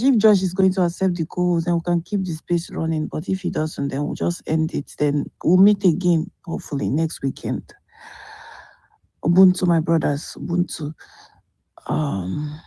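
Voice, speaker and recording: A woman's voice: fairly low pitch, creaky, warm tone, husky, no room sound. A woman hosting an online chat, weary and repeating herself as she asks to wrap up. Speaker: host of an online audio room. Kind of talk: casual chat.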